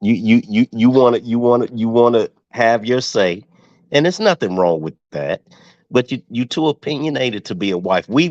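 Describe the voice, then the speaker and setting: A man's voice: medium pitch, no echo. A man in a casual online group chat, teasing and stammering a little as he starts. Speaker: guest. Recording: dull, dry call audio.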